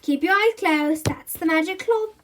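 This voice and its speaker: A woman voicing an excitable young boy who believes he can do magic, in a high, eager storybook voice. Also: moderate pace, slight background noise. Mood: bossy.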